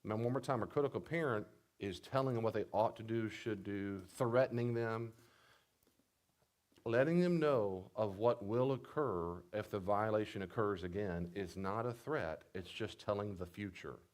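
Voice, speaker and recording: A man's voice: on the low side, normal speed, a little mellow. A male pastor giving a teaching talk, emphatic and repeating his key points. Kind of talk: teaching talk on marriage counseling.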